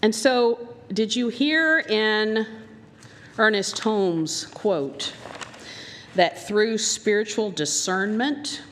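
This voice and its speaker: A woman's voice: mid-range voice, extremely slow, a little hiss or hum. A woman minister with a Southern American accent preaching a sermon, telling stories animatedly and acting out the voices she quotes. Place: church sanctuary. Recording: long hall reverb.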